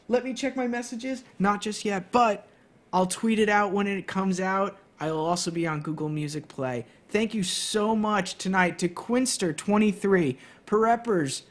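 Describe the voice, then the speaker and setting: A man's voice: high voice, fairly bright tone. A man hosting his own TV podcast stream, talking casually and rambling with lots of fillers. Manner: rambling, chatty, many fillers. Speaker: podcast host. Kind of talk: casual solo stream chat.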